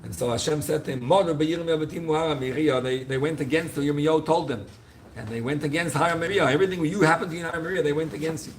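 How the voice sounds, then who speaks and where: A man's voice: on the high side, fast, slight background noise. A man, a rabbi, explaining liturgical poems, telling the story with feeling and voicing the figures' pleas.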